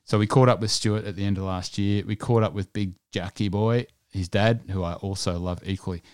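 Low-voiced man hosting a podcast. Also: steady tone, a little fast, clean tone, no echo, studio quality. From Scotland. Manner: rambling, enthusiastic, many fillers. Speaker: podcast host. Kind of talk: casual solo podcast chat.

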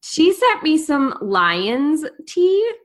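A woman's voice: high voice, very animated, drawn-out words. An American woman co-hosting a podcast, chatting casually and playfully and laughing often. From United States. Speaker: podcast co-host. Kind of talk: casual chat.

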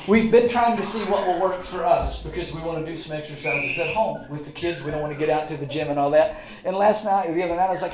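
A man's voice: a little high, quick pace, crowd noise. A middle-aged man, a pastor, preaching a sermon in a folksy, joking way. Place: church sanctuary. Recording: echoey church room.

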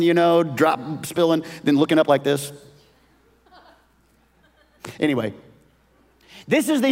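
A male pastor preaching a sermon, moving between hushed whispers and loud, emphatic bursts, often repeating words. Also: medium pitch. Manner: repeats words and restarts phrases. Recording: long reverb of a large hall.

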